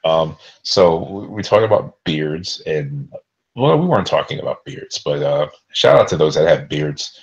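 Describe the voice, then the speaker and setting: A man's voice: a bass voice, expressive, normal speed, gravelly. A young man co-hosting a podcast, chatting casually in a rambling, joking way. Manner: laid-back, rambling, joking, often restarts. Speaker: podcast co-host. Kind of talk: casual chat. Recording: dull lo-fi sound.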